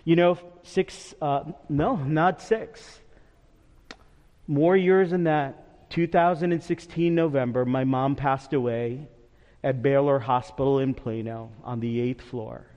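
A man preaching a sermon as pastor in a church, earnest and measured, dropping softly when praying or recalling personal memories. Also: medium pitch, steady tone. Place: church sanctuary. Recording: long hall reverb, dull lo-fi sound.

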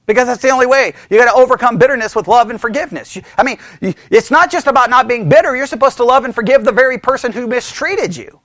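A man's voice: extremely high pitch, fast talker, hardly any pauses, dry recording, clean studio sound. A man leading a Bible study in a church, teaching in an informal, emphatic way and acting out voices as he goes. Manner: animated, emphatic, acts out voices.

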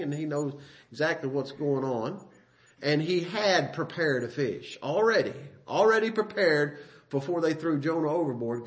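A man preaching a sermon in a folksy, conversational way, reading scripture aloud and breaking off into asides and self-corrections. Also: a little high. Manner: reads King James scripture aloud with emphasis.

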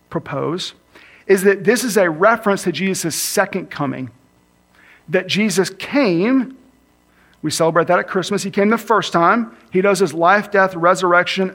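A man with a fairly high voice preaches a sermon in an earnest, personal tone. He slows down and speeds up to stress his points. He sounds like he is in his thirties. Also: a bit bright. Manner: earnest, varies pace for emphasis, acts out his kids with a higher voice. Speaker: campus minister preaching.

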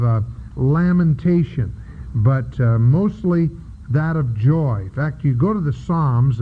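Slow, halting preacher man on lo-fi tape. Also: on the high side. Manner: halting, with many filler sounds; reads scripture aloud between explanations. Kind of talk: Bible-study sermon. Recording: dull lo-fi recording with faint noise.

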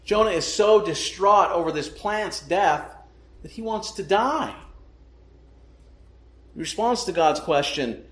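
Male pastor, slightly high voice, emphatic sermon delivery, echoey room. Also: lively intonation, takes it slowly, pauses often. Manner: emphatic, asks rhetorical questions.

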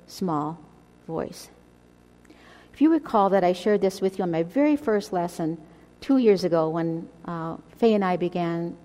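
A woman's voice: on the low side, mellow. A woman teaching a women's Bible study, speaking earnestly and addressing her listeners directly as she exhorts them. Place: church. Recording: long hall reverb.

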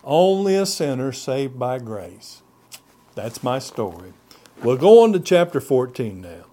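A man preaching a sermon as pastor. He reads scripture in old-fashioned wording, and his pitch rises on key words and drops low at the ends of phrases. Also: sing-song, unhurried, dark tone.

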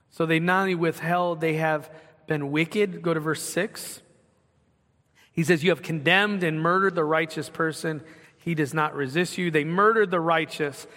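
A man's voice: high voice, pushed and bright. A man preaching a sermon in an emphatic way, asking rhetorical questions. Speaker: pastor. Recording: long hall reverb.

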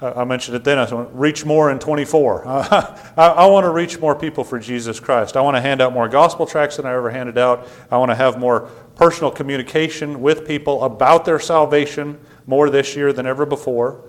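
Stammering preacher man, loud then hushed. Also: medium pitch, a little fast, hardly any pauses. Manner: stammering restarts, swings from loud to quiet. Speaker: pastor. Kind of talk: sermon. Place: church sanctuary.

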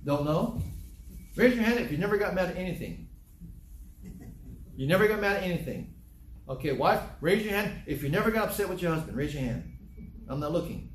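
A man's voice: fairly high pitch, lively intonation, brisk, pauses often, a little hiss or hum. Man, pastor, sermon, conversational, quizzing the crowd, echoing hall. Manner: conversational, teasing the congregation with questions.

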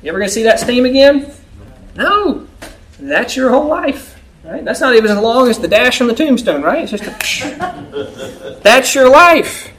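A man's voice: extremely high pitch, big pitch swings, measured pace, pauses often, a bit bright, rough recording. A man preaching a sermon to a congregation in a conversational style, often checking in with them by asking "right?". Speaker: pastor.

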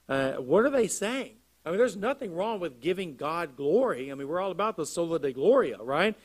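A man's voice: on the high side, lively intonation, normal speed, hardly any pauses. A man preaching an expository sermon, reading scripture aloud and explaining it, often checking with listeners by asking "right?". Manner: reads scripture aloud then explains it, asks the congregation "right?". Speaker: pastor.

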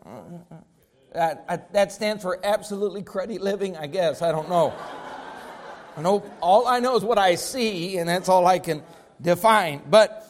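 A man's voice: sits high, normal speed. A man pastor preaching a sermon, with emphatic rising bursts, repeated phrases.

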